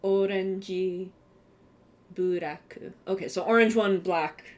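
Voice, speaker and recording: Excitable young woman streamer, slow talk. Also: medium pitch. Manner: excitable, swearing, bursts of gushing. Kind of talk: casual live-stream chat.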